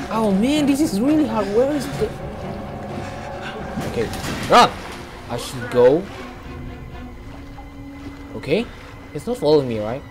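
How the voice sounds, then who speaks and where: Guy playing a horror game, broken english, high voice all over the place, slow talker, music in the background. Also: big pitch swings. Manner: swings from hushed muttering to panicked screaming; non-native English with broken grammar. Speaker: gameplay streamer.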